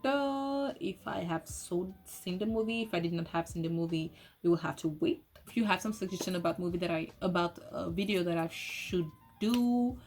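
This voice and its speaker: A woman giving a casual, excitable spoken movie review, swearing often and restarting her sentences. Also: on the low side, moderate pace, few pauses. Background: soft lofi music.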